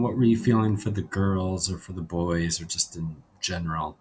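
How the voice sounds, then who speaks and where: Reading a novel aloud to his class, a low-pitched male teacher keeps an unhurried storytelling pace and acts out the characters' dialogue. He finishes by assigning classwork, and slight background noise can be heard.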